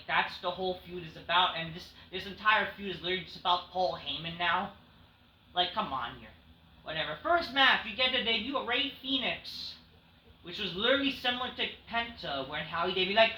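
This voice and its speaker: A man's voice: high-pitched, sharp tone. A man reviewing a wrestling show in a rambling, sarcastic, profane casual recap. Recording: echoey room, faint noise.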